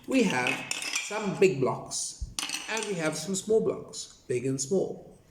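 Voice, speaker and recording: A man leading a children's music lesson, playful and animated, counting and chanting rhythms to clap along to. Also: high voice, slow. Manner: playful, animated, sing-song counting and clapping. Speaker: music teacher for young children. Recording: echoey room with background noise.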